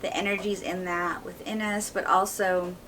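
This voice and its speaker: A woman's voice: fairly low pitch, little pitch movement, moderate pace, fairly bright tone, far from the mic, a little hiss or hum, poor audio. A woman co-hosting a podcast, speaking candidly and firmly in casual conversation, with frequent fillers. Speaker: podcast co-host.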